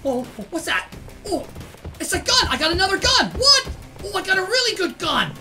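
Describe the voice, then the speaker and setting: Squealing excited woman gamer. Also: extremely high pitch, normal speed. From Canada. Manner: excitable, frequent yelps and exclamations. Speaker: gaming channel host. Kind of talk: excited let's play commentary. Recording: loud game music and gunfire behind.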